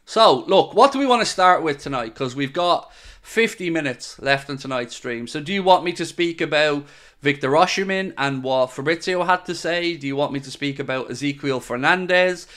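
A man's voice: on the high side, lively intonation, normal speed, a bit bright. A man hosting a casual livestream, talking in a chatty, conversational way with loose restarts. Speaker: podcast host.

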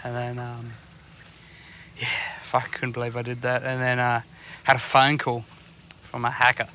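A man's voice: mid-range voice, completely flat delivery, moderate pace, sharp tone, a little hiss or hum. A man with an Australian accent co-hosting a podcast, telling rambling anecdotes full of swearing while out on a fishing boat. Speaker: podcast co-host. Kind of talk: casual chat.

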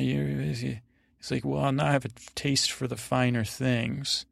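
Gravelly-voiced guy rambling thru a sleep podcast recap, dry close sound. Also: medium pitch, flat delivery, a little slow, no room sound. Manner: meandering, digressive retelling. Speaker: podcast host.

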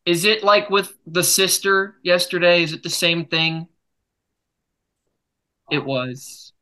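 A young man hosting a casual podcast, telling rambling jokey stories with sudden loud bursts. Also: sits high, slow, smooth. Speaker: podcast host. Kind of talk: casual chat.

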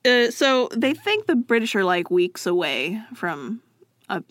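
A woman's voice: medium pitch, very animated, fairly bright tone, dry recording, clean studio sound. Joking woman telling a story to a friend. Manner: quick, joking, drops into silly voices. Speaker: podcast co-host telling a history story. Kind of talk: casual storytelling chat.

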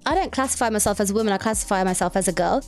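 A woman's voice: mid-range voice, very fast, faint music behind. A young woman with a girlish, childlike voice, chatting and giggling as a podcast co-host. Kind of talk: casual chat.

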